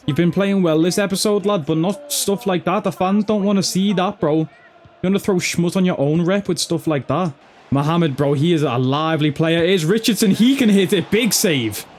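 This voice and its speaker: A man's voice: sits high, moderate pace, a little mellow, a little hiss or hum. A man giving casual, chatty commentary over his own football video game, swearing and calling viewers lad and bro. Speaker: gaming YouTuber.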